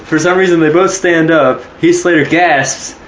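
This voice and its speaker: A man's voice: a little high, steady tone, moderate pace, a bit bright, roomy sound, a little hiss or hum. Laid-back man recapping on a podcast. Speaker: podcast co-host. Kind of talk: casual wrestling review chat.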